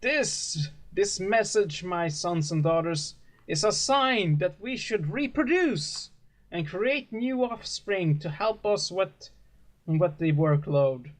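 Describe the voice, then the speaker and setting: A high, lofty preacher of a company cult, as a man puts him on. He intones slow, grand sermons at his flock. The delivery is drawn out and ceremonious. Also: expressive. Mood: preaching. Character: pompous preacher of a company cult, male, middle-aged.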